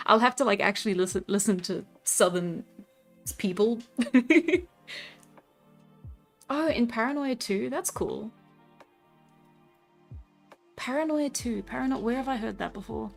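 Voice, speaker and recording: A woman's voice: on the high side, expressive, a little slow, gravelly, pauses often. Chatty South African woman streamer. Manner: chatty, laughs often, many fillers. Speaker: livestream host. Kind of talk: casual chat, reading out chat comments. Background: faint background music.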